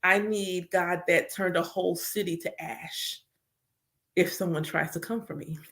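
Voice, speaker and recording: A woman's voice: on the low side, steady tone, a little slow, fairly bright tone. A woman talking casually and candidly about her spiritual practice as a reader and teacher, with lots of "like" and voiced quotes of her prayers. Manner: candid, chatty, full of filler "like".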